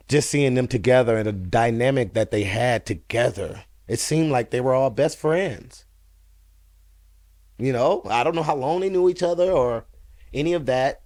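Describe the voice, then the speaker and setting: A man hosting a reaction video, laughing often and exclaiming loudly between clips. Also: medium pitch, no room sound, studio quality. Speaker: reaction channel host. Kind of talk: casual reaction commentary.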